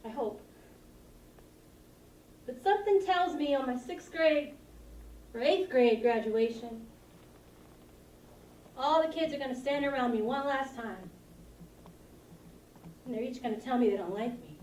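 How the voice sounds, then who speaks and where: A woman's voice: high voice, a little slow, long pauses, a little mellow. A woman playing a lonely, awkward seventh-grade girl who rambles and giggles self-consciously while confiding to her camcorder. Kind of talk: confessional monologue to a camcorder. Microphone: camcorder mic. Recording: roomy sound from a distance.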